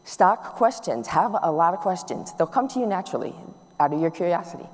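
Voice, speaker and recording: Low-voiced woman in a reverberant hall. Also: a little fast. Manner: warm, animated storytelling with acted-out dialogue. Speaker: speaker. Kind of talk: motivational talk to an audience.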